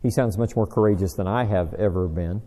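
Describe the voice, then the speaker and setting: A man's voice: on the low side, fairly quick, dark tone. A man preaching a conversational sermon, quizzing his listeners and poking fun at himself. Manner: chatty, asks the audience questions, dry self-deprecating humor. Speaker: preacher teaching a Bible study. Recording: long reverb of a large hall.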